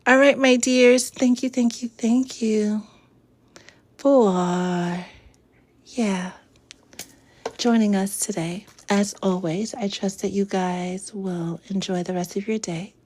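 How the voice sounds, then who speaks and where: A woman hosting a spiritual livestream, greeting viewers by name with drawn-out hellos and slipping into soft whispered affirmations. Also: mid-range voice, fairly even intonation. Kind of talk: casual livestream chat.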